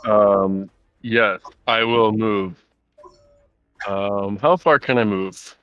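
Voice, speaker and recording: A man's voice: fairly low pitch, extremely slow, clean tone, dry recording, muffled recording. A man playing a tabletop game online, talking in a laid-back, hesitant way. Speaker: player. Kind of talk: casual chat while playing a tabletop game.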